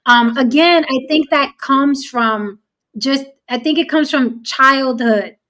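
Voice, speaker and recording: A woman hosts a relaxed podcast and drives her points home by repeating them. Her voice sits a little high, and her talk is frank and casual. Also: takes it slowly. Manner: emphatic, repeats points for effect. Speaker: host.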